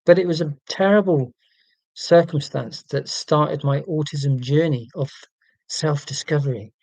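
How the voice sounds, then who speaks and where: A man's voice: on the high side, a little slow, darkish tone, no room sound, rough recording. A man hosting a casual livestream, reading out viewer comments and talking in an earnest, rambling, self-deprecating way with many ums and restarts. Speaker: livestream host.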